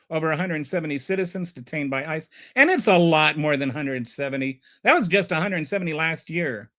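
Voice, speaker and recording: A man's voice: fairly high pitch, fairly bright tone. A man hosting a live stream and ranting about politics. He is heated and sarcastic, and he stumbles and repeats words when he gets flustered.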